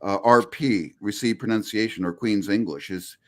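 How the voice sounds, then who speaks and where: A man's voice: fairly low pitch, normal speed. A middle-aged man, a linguistics professor, talking in an interview over a video call, explaining with frequent restarts. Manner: animated, many restarts, explanatory. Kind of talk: conversational interview.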